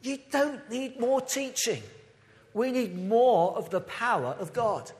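A man's voice: very high-pitched, slow pace, long reverb tail. A man from the United Kingdom giving an impassioned sermon as a pastor, recorded in a church. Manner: impassioned, emphatic preaching.

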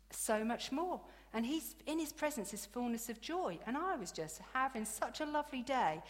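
A woman preaching a sermon in a chatty, animated storytelling way, laughing now and then. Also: medium pitch. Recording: long hall reverb.

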